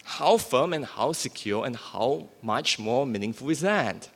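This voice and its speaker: A man's voice: medium pitch, expressive, a little slow, creaky. A man preaching a sermon, explaining scripture by asking questions and answering them himself. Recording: long reverb of a hall.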